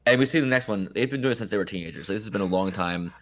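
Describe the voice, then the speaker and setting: A man's voice: fairly low pitch, racing, fairly bright tone. A man co-hosting a podcast, chatting casually and quoting movie lines in playful voices. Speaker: podcast co-host. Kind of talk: casual chat.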